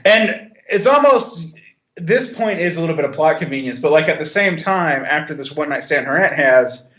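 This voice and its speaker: Higher-voiced man talking films in an echoey room. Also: expressive, moderate pace, a bit bright. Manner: conversational, with frequent restarts and a little laughter. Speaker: podcast co-host. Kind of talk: casual film discussion.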